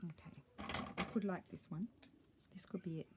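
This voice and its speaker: A woman's voice: on the low side, steady tone, moderate pace, breathy edge. A middle-aged woman chatting casually while she crafts, thinking aloud and muttering little asides to herself. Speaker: craft vlogger.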